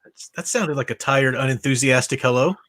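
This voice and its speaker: A man's voice: mid-range voice, a little fast, fairly bright tone. Rambling man hosting a livestream. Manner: rambling, with frequent fillers and restarts. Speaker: host of a movie rewatch livestream. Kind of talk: casual livestream chat.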